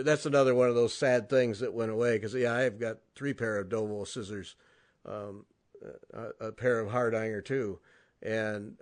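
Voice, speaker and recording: A man hosting a crafts podcast, talking in a relaxed, drawling way and trailing off with fillers. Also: medium pitch. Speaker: podcast host. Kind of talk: casual interview chat.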